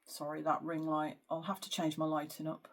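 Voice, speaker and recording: A woman's voice: deep voice, completely flat delivery, normal speed. A woman psychic giving a spiritual card reading to camera, speaking earnestly and hesitantly with frequent fillers. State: emotional at times. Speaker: psychic medium.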